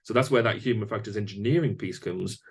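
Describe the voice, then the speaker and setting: A man's voice: fairly low pitch, fast, husky. A man hosting a podcast interview, talking thoughtfully with frequent fillers and restarts. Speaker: podcast host. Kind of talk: conversational interview.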